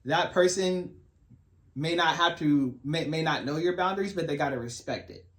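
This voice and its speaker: A man co-hosting a faith-based podcast with his wife, giving relaxed, folksy advice to married men. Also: fairly high pitch, normal speed. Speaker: podcast co-host. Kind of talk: faith-based casual chat.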